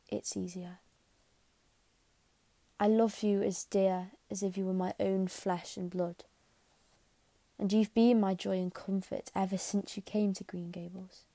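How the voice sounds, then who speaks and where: A woman voicing a stern older spinster who speaks softly and haltingly, with a flat, mellow voice. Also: mid-range voice, no room sound, natural voice.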